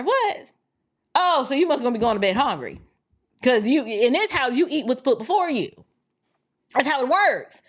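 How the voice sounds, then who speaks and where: Emphatic woman podcast host, high lively voice. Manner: emphatic and preachy, with rhetorical questions. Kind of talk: opinion commentary podcast, reading viewer super chats.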